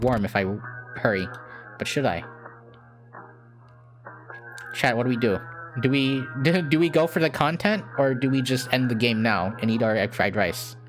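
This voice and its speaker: A streamer casually chatting to their chat while playing a horror game, with frequent giggles. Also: mid-range voice. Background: game music.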